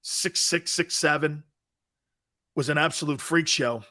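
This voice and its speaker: A middle-aged American man hosting casual live sports talk, animated and laughing, reading out viewer comments. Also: on the high side, unhurried. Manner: animated, loud bursts, laughs a lot.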